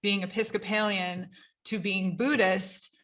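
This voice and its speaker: A woman's voice: medium pitch, fairly even intonation, unhurried, a bit bright. A young woman hosting a podcast, responding to her guest in an affirming, thoughtful way. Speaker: podcast host. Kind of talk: conversational interview.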